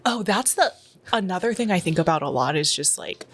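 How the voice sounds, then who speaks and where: Woman, lower-pitched, soft and measured, precise diction, understated deadpan delivery. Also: a little hiss or hum. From Dallas, Texas. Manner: soft, calm and precisely articulated. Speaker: comedian guest. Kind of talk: casual conversation.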